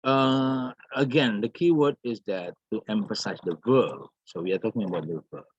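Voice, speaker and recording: A man teaching an English grammar lesson, slowly repeating words and examples with many fillers. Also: on the low side, slightly rough, no room sound. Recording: dull, lo-fi.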